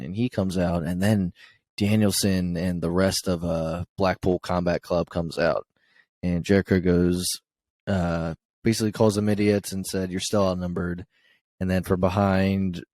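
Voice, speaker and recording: A man's voice: low-pitched, a little mellow, no room sound. A young man co-hosting a podcast, casually recapping wrestling shows with lots of fillers and chuckles. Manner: rambling recap with many fillers and laughs.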